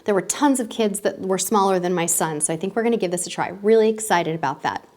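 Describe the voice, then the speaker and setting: Upbeat woman in her thirties, medium pitch, casual travel vlog host. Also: fast talker, a little mellow. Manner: upbeat and chatty, with small self-corrections. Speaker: travel vlogger. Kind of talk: casual vlog talk to camera.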